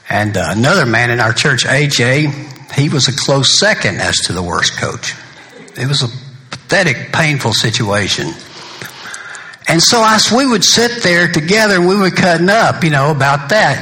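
Bright-voiced older pastor, folksy. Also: male voice, medium pitch. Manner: folksy, joking anecdotes between solemn points. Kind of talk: funeral sermon.

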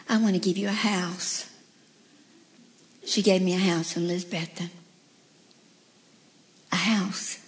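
A woman's voice: fairly low pitch, darkish tone. A woman preaching a heartfelt sermon as a radio preacher, telling stories and reading a poem. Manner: storytelling, heartfelt.

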